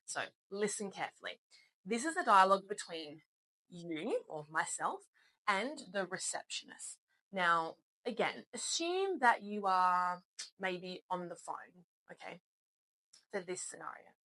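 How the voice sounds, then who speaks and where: A female English teacher who takes her time, speaking slowly and deliberately. Her voice is bright and clear, with a patient, encouraging way of walking learners through each point. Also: lowish voice, expressive, low-quality recording. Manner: patient, encouraging, explains step by step. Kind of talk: spoken English lesson.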